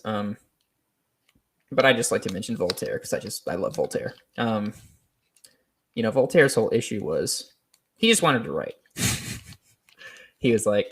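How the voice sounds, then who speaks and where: A man hosting a solo show, talking off the cuff in a rambling, hesitant way with many pauses, restarts and small laughs. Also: on the low side, a bit bright, husky. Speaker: podcast host. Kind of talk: unscripted solo commentary.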